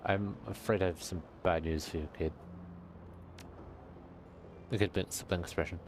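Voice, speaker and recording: A man's voice: low-pitched, fairly even intonation, normal speed, a little hiss or hum. A man casually narrating a role-playing video game and reading its text aloud. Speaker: game master and player.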